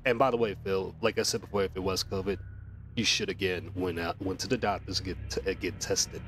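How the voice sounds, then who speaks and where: A man's voice: sits low, fairly even intonation, a little fast, fairly bright tone, slight background noise. A man giving a mocking voice-over commentary, scornful and insulting. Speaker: commentary video narrator.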